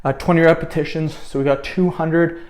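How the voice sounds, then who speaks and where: A man's voice: fairly high pitch, steady tone, moderate pace, darkish tone. A young man, a fitness vlogger, talking casually to the camera between sets, out of breath as he counts his reps. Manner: counts reps, breaks off to chat. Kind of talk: casual talk to camera during a workout.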